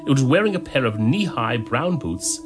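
A man narrating a story in an expressive reading voice. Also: medium pitch, moderate pace. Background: background music.

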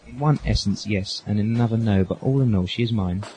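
A man's voice: on the low side, a little fast, dark tone, a little hiss or hum, lightly acted, low-quality recording. A man playing an eccentric, polite time-traveling doctor who talks in a chatty, fussy, genteel way. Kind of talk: amateur audio drama.

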